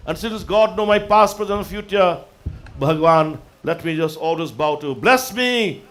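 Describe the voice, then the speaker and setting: High-voiced man preaching. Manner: preaching with sung-out invocations and dropping to soft asides. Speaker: religious speaker. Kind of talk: devotional sermon. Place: religious festival gathering.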